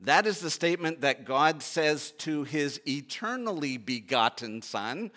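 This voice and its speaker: A male preacher with a bright, slightly high voice delivers a sermon. He reads scripture aloud and then drives his points home, rising to loud, emphatic peaks and dropping to low, hushed pleas. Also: animated, measured pace. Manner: reads scripture aloud, then expounds with repeated rhetorical questions.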